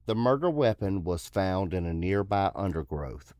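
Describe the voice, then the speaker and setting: A man's voice: sits low, expressive, moderate pace, darkish tone, smooth, no room sound, studio quality. A man hosting a podcast, reading a true-crime case aloud in a casual way with joking asides. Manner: joking asides, puts on silly voices for quotes. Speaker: podcast host telling a case.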